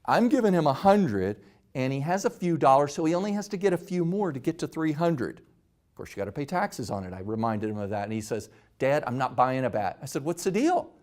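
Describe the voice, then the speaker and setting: A middle-aged man hosts his own talk and tells a personal story. He talks at a medium pitch and acts out the quoted lines with animation. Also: expressive, brisk, darkish tone. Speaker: host.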